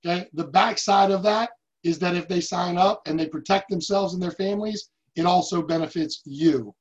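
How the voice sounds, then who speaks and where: On a dull lo-fi recording, an American man with a high voice speaks at normal speed. As head of a sales team, he delivers an emphatic motivational talk, telling stories and performing the quotes.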